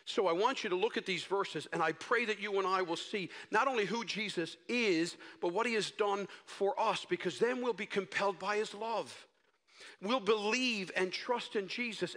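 A male pastor preaching a sermon in a dramatic, expressive way. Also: high voice. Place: church sanctuary. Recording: echoey church hall.

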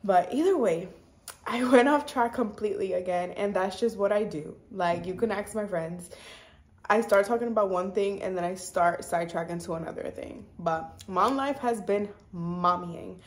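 A woman in her twenties chatting casually to her viewers, saying "like" constantly and drifting from topic to topic. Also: mid-range voice. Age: 20s. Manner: chatty, says "like" a lot, sidetracks; warm and confiding, fast talking. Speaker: vlogger. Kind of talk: casual chat to camera.

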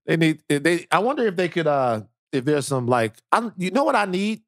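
A man co-hosting a podcast in casual chat, animated and joking, with a rambling delivery. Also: fairly high pitch, moderate pace, no room sound, clean studio sound. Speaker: podcast co-host.

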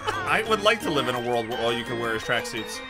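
A man streaming games live, reacting excitably with frequent laughter and shouted yelps at what happens on screen. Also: medium pitch, fast talker, loud music behind the voice. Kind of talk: live gameplay commentary.

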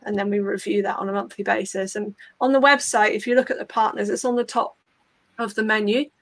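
A woman on a panel walking through practical steps in a clear, conversational way. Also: a little high, fairly bright tone, no room sound. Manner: clear, practical, step-by-step explaining. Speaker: open source community leader.

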